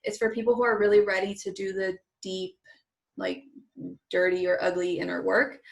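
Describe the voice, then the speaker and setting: A woman's voice: medium pitch, fairly even intonation, normal speed, gravelly. A woman hosting a casual interview as a coach, who talks in an encouraging way and says "like" often. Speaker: host and coach.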